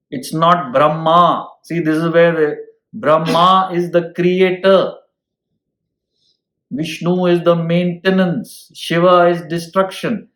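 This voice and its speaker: A man teaching an ancient scripture at an unhurried pace, stopping to ask his listeners "hmm?" and reaching for everyday examples. His voice sits a little high for a man. The room gives it a noticeable echo. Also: fairly bright tone. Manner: explains with homely examples and asks listeners "hmm?". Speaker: spiritual teacher. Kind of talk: scripture lecture.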